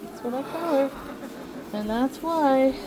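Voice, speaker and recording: High-voiced woman chatting to her poultry. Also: measured pace, noisy background. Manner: chatty, talks sweetly to her birds. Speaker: backyard bird keeper. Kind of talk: casual narration while gathering eggs. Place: outdoors in a poultry yard. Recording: loud farm birds behind.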